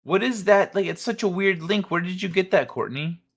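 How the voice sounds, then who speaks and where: A man's voice: high-pitched, expressive, normal speed, husky. A man hosting a casual late-night stream, joking crudely and chatting with viewers. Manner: joking, crude, talks to chat. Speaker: host.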